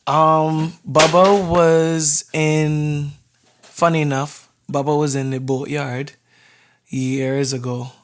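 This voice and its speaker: A man's voice: a little high, little pitch movement, takes it slowly. A man from Barbados, a DJ guest, talking in a laid-back casual way, laughing easily and repeating words. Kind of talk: casual interview chat.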